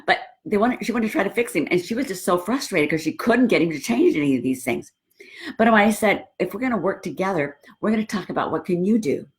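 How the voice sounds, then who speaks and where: A middle-aged woman coaching Christian wives on marriage, chatting casually and acting out little stories with quoted dialogue. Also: medium pitch. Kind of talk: casual talk to women viewers.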